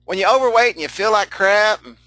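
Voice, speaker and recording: A man's voice: high voice, brisk, bright, forceful tone, faint music behind, rough recording. A middle-aged man leading a live online training session, folksy and chatty, laughing often, repeating himself and answering chat comments as he goes.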